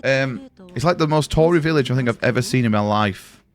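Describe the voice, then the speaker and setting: A young man streams a game live and rambles to his friends, swearing as he spins chatty stories. His voice is mid-range and a little fast.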